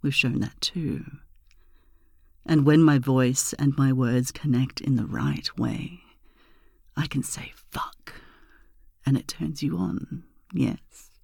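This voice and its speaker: An erotic audio performer in a whispered role-play, speaking in a slow, teasing, breathy murmur that swells into loud moans. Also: medium pitch, no room sound, clean studio sound.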